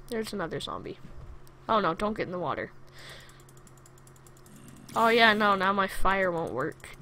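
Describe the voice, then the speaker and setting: A woman giving chatty, excitable let's play commentary from a home setup, talking to the game's monsters as she plays. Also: mid-range voice, slight background noise. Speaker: gaming video creator.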